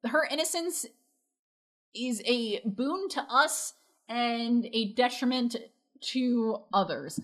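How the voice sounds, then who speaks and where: Woman, casual recap chat, somewhat high voice, filler-heavy, retells scenes. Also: expressive, slow pace, fairly bright tone. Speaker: co-host reacting to an anime episode.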